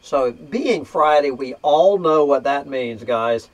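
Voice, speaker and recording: A man talks casually and slowly to his viewers, full of fillers and restarts. His pitch sits in an ordinary middle range. When his computer acts up, he breaks into profane, exasperated outbursts. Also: lively intonation. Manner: drawling, hesitant with many fillers. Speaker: vlog host. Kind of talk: casual rant to camera.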